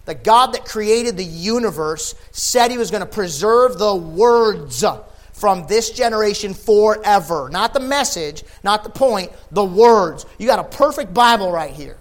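Fervent high-voiced preacher man. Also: animated, measured pace. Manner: fervent preaching, swinging from loud emphatic peaks to low quiet stretches; sweaty and laughing at himself between scripture readings. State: tired. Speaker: pastor. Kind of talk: sermon.

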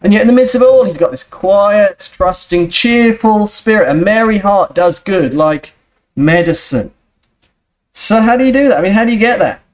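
A man's voice: sits high, lively intonation, normal speed. A man preaching a sermon with earnest emphasis and rhetorical questions, speaking.

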